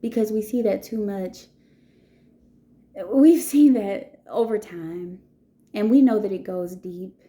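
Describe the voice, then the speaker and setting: A woman's voice: mid-range voice, slow pace, pauses often, warm tone. A woman, likely in her thirties, casually telling a personal story to her viewers, with lots of "you know" and "okay?" tags. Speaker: vlogger.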